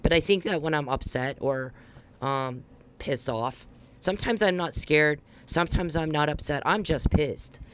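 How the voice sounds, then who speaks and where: A woman's voice: low-pitched, unhurried, slight background noise. A woman hosting a podcast, telling a rambling, heated story at speed and swearing freely. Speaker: podcast host. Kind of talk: casual monologue.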